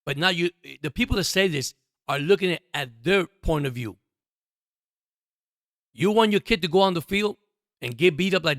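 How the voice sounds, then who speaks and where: A slightly high, somewhat bright male voice carries this sports podcast monologue, recorded dry with clean studio sound. The host speaks right to his listeners as guys, passionately and emphatically, repeating himself as he comments.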